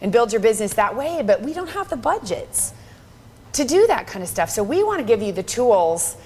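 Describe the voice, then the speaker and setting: A woman's voice: a little high, very animated, normal speed, darkish tone, slight background noise. A woman in her thirties presenting a live business workshop, bubbly and encouraging, laughing often. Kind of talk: upbeat live workshop talk.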